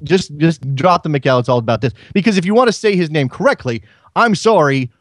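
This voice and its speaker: A man's voice: a little high, lively intonation, a little fast, no echo. Chatty male radio host, dry studio sound. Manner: chatty, repeats words while thinking aloud. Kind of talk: casual call-in radio commentary.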